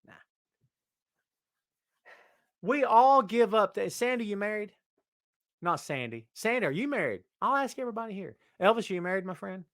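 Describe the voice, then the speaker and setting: A man hosting a casual live wrestling podcast, reading the chat and teasing viewers by name in an animated way. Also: sits high, fairly quick, dry recording, studio quality.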